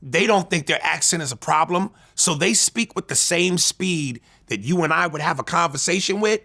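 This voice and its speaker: A comedian man talks with a raised, lively pitch that swings around as he tells his stories. His delivery is blunt and animated, and he keeps breaking into quick impressions. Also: gravelly. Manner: animated, blunt storyteller who slips into impressions. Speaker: comedian guest. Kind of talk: casual interview chat.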